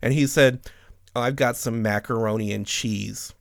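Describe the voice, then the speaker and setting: A man's voice: mid-range voice, normal speed, gravelly, dry recording, studio quality. A man casually telling a funny workplace story, swearing often and laughing. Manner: profane, animated, laughs often. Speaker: podcast host telling a story.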